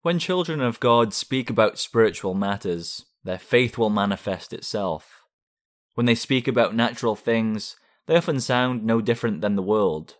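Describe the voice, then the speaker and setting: A man reading a devotional aloud in a measured, formal way, with scripture passages. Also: medium pitch. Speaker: devotional reader. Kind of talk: read devotional.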